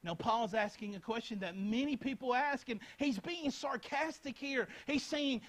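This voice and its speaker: A man's voice: very high voice, moderate pace, hardly any pauses, low-quality recording. A young man preaching a Bible lesson, speaking earnestly and repeating phrases as he addresses his listeners directly. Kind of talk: Bible teaching talk.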